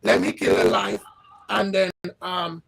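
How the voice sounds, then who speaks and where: A man hosting a livestream who talks in a halting, repetitive way and keeps asking his audience questions. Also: high-pitched, little pitch movement, gravelly, fairly bright tone, rough recording. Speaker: livestream host. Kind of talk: casual livestream chat. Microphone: livestream setup.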